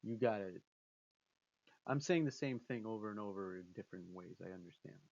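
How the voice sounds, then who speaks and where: A man's voice: lowish voice, a little fast, vocal fry, darkish tone, muffled recording. A man giving casual spoken commentary as a vlogger, rambling with restarts and acting out quotes.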